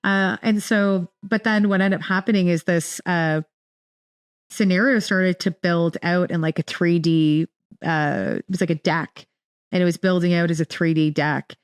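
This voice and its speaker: Chatty woman guest, lowish voice. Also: moderate pace, clear, resonant tone, no room sound, clean studio sound. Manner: rambling, many restarts and fillers, animated retelling. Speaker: podcast guest. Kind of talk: casual interview storytelling.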